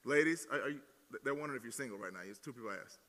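Bright, teasing Southern pastor in a hall. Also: male voice, mid-range voice, very fast, slight background noise. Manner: jokey, teasing, energetic with crowd. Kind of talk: playful sermon with audience demo. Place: large hall at student gathering. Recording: long hall reverb.

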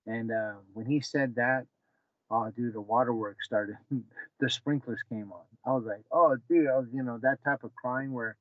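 A man's voice: medium pitch, steady tone, normal speed, dry recording. A man in his forties, a former fighter and wrestling coach, telling a long story in a casual interview, full of fillers and restarts, acting out the dialogue. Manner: rambling, many fillers and restarts, acts out dialogue. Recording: dull, slightly lo-fi, dry sound.

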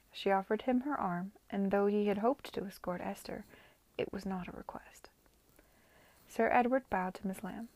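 A woman's voice: mid-range voice, moderate pace, darkish tone, no room sound. A woman reading a novel aloud to friends, casually, often stumbling over words and correcting herself. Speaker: reader.

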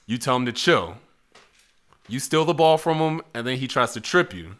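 A man's voice: medium pitch, lively intonation, normal speed, a bit bright. A man hosting a casual podcast, putting hypothetical questions to friends and often laughing. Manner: playful, laughs often while asking. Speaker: podcast host reading questions. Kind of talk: casual chat.

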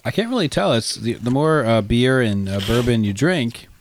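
A man co-hosting a podcast in casual chat, laughing often and firing off quick questions. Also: mid-range voice, big pitch swings, a little hiss or hum. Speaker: podcast co-host.

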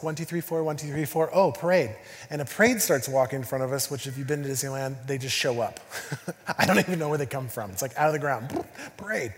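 A man's voice: a little high, long reverb tail. A man in his thirties preaching a sermon, telling a family story with acted-out voices and sound effects. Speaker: pastor. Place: church hall.

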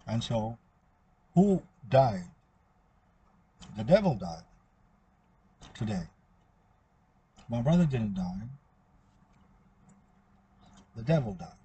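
Man with a husky mellow voice, rambling. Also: medium pitch, sing-song, very slow, pauses often, lo-fi sound. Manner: meandering, repetitive, trails off. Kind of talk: rambling spoken monologue.

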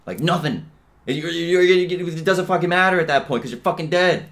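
A young man hosting a podcast, ranting alone in a profane, rambling way. He leans on slang fillers and swings between low mutters and loud outbursts. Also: animated, fairly quick. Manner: profane, rambling, heavy on "dude" and "bro" fillers. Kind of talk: casual ranting monologue.

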